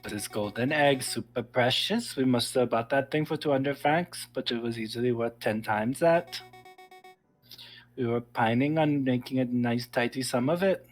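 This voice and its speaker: A man's voice: medium pitch, moderate pace, soft background music, lightly acted. A man voicing a bitter woman shopkeeper in a game, with a put-on French accent and a wry storytelling manner. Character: woman antiques shopkeeper, bitter, fallen on hard times. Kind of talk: voicing a video game character on a stream.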